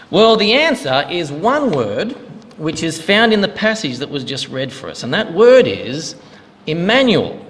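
A male minister giving a sermon in a church, in a conversational preaching manner with a joke to open. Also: high-pitched. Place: church hall. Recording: long hall reverb.

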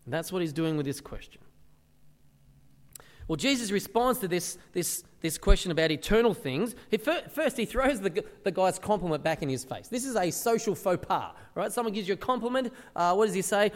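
A man delivers a sermon with a fairly high voice that rises and falls freely. He keeps it conversational and throws rhetorical questions at his listeners. The sound is captured in a church hall with a long, lingering reverb. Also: animated, brisk. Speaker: pastor. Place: church service.

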